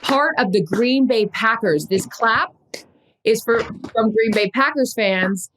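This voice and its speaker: A woman co-hosting a podcast in a casual sports chat, chatty and excitable. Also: fairly high pitch, slow, a little hiss or hum. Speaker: podcast co-host.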